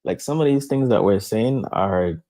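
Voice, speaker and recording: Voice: mid-range voice, animated, normal speed, dark tone. A speaker casually explaining ideas on how language changes, in a thoughtful way. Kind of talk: casual chat.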